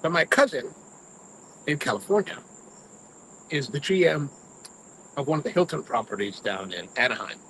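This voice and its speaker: A man's voice: on the high side, big pitch swings, normal speed, long pauses, a bit bright, slight background noise, rough recording. A man hosting a cigar review, chatting casually to live viewers and rambling through personal stories. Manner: rambling storyteller, mimics his own grumbling.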